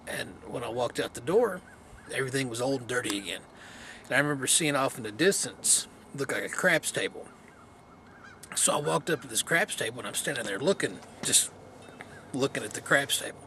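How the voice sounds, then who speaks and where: A man's voice: mid-range voice, animated, fairly quick, sharp tone, a little hiss or hum. Rambling man vlogging outdoors. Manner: rambling, laid-back, many fillers. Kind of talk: casual storytelling to camera. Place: outdoors in cold wind.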